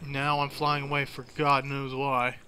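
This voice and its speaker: A man's voice: mid-range voice, monotone, a little slow, noisy background. A man giving casual let's play commentary, crude and joking and swearing freely.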